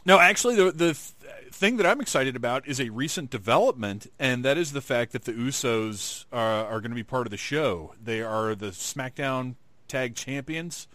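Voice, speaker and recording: A man's voice: medium pitch, lively intonation, moderate pace, a bit bright, no echo. A man co-hosting a casual chat, talking with enthusiasm and laughing easily. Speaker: podcast co-host.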